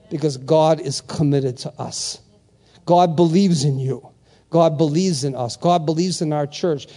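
Male pastor, high voice, punchy repetitive sermon delivery with call-and-response amens. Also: warm tone. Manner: emphatic, repetitive, calls for amens.

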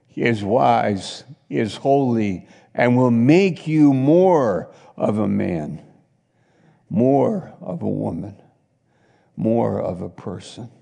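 Man preaching, slow gravelly voice, mellow tone, long hall reverb. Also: medium pitch. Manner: animated, swings between loud exclamations and quiet asides. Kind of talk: sermon with acted-out scenes.

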